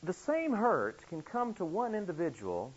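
A man preaching a sermon, telling a story earnestly, with sudden emphatic rises in pitch. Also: wildly swooping pitch, unhurried, breathy edge. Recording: dull lo-fi recording.

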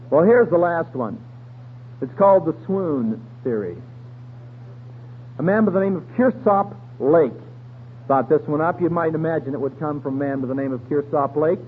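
A man's voice: on the high side, moderate pace. A man preaching in a folksy, colloquial storytelling way, full of slang, on a tinny radio broadcast with a faint hum. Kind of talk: radio sermon.

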